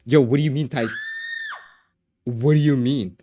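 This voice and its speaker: A man livestreaming, chatting casually with his viewers, excitable and repeating phrases as he laughs often. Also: medium pitch, a little slow, raised voice, noisy background.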